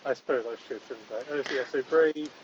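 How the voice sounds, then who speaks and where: A man's voice: medium pitch, quick pace, muffled recording, a little hiss or hum. A man hosting a comedic podcast in the role of a mock judge, speaking in a mock-stern, bossy and dry way. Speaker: host playing a mock judge.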